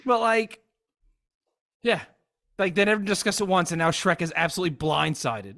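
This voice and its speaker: A man's voice: high voice, measured pace, pauses often, fairly bright tone, no room sound, clean studio sound. A man co-hosting a podcast, trading crude jokes in casual banter. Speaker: podcast co-host. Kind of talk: casual chat.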